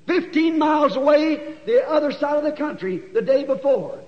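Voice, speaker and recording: A man preaching a sermon in folksy storytelling, sometimes rising to shouts, recorded in a church hall. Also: extremely high pitch, animated, moderate pace, few pauses. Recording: dull recording with long hall echo.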